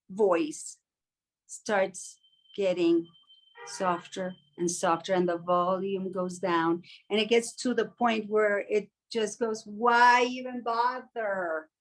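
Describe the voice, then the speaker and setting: A podcast co-host with a somewhat bright, medium-pitched voice keeps things casual and reflective. She slips into quoted asides to play out inner voices.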